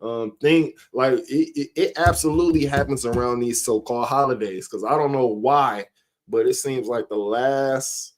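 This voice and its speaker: Middle-aged man chatting on a live stream. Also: mid-range voice. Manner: rambling, chuckling, reads viewers' names from chat. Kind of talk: casual live-stream talk.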